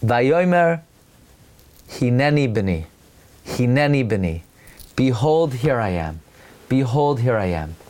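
A man voicing a humble elderly patriarch who answers softly and slowly. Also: a little high, clean tone. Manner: hushed, humble, slow.

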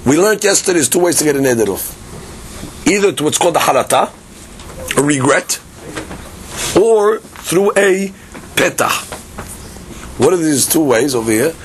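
Taking both sides of the argument himself, a man works through a lively Talmud class out loud, frequently restarting and blending Hebrew and Aramaic terminology into English. His slightly high voice is animated at a moderate pace with frequent pauses, over a faint hiss or hum.

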